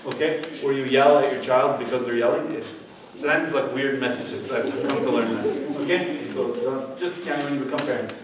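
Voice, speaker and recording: A man's voice: mid-range voice, moderate pace, hardly any pauses, background noise. A middle-aged man giving a conversational church youth talk, often checking in with "okay?". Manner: conversational, keeps asking "okay?". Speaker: youth speaker. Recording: echoey room, voice from far off.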